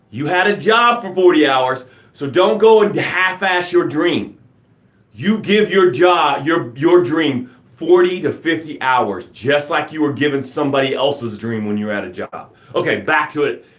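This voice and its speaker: Male motivational host, high voice, upbeat and preachy, echoey room. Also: fairly bright tone. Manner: enthusiastic, preachy, jokes and laughs at himself. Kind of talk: live motivational broadcast.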